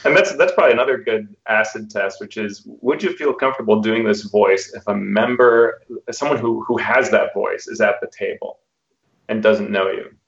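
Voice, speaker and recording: A thoughtful man co-hosting a tabletop gaming podcast, speaking in a measured way. His low voice is gravelly and full of fry. It is recorded in a roomy space with a dull, lo-fi sound. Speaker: podcast co-host. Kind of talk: casual discussion about tabletop game mastering.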